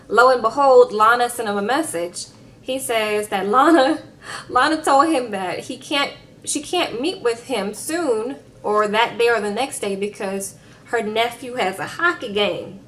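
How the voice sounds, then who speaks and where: A woman casually recapping a reality episode, sassy and animated with laughing asides. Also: on the high side, a little hiss or hum.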